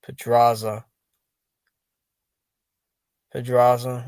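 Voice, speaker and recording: A man talking alone to his viewers about fights, exasperated and dismissive, with "dude" and "man" tacked onto his lines. His voice sits at an ordinary pitch and sounds close and dry, with no room around it. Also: expressive, a little slow, long pauses, dry recording. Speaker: boxing commentary channel host. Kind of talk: casual solo boxing and MMA commentary.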